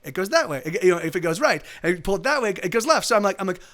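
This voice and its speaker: A man's voice: high-pitched, very animated, very fast, a bit bright. A man telling a story in casual chat on a live stream, rambling and swearing as he corrects himself. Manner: rambling, profane, full of self-corrections.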